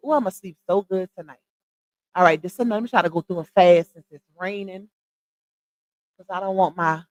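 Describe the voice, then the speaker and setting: A middle-aged woman, chatting casually with viewers on a live stream and giving her opinions in an animated, talkative way. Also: mid-range voice, poor audio. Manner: chatty, animated, addresses viewers as y'all and child. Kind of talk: casual chat commentary.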